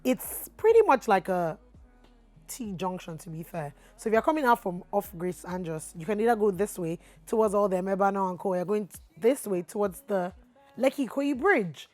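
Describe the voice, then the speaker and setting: An animated woman with a Nigerian accent tells a storytime vlog, dropping to low asides and rising to loud outbursts. Her voice sits mid-range, recorded dry and close with faint music beneath. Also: dry recording. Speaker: vlogger.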